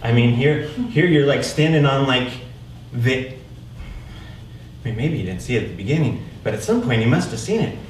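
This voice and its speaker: A man's voice: mid-range voice, animated, moderate pace. A man performing a theatrical storytelling monologue in a one-man show, talking conversationally and often checking in with the audience with "right?". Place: live stage in a theater. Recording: echoey room, mic far off, noisy.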